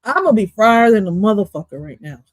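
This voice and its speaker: A woman streaming casual reaction commentary on an interview clip, loud, profane and playful, dropping in Spanish phrases. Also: medium pitch, sing-song, a little fast, no echo.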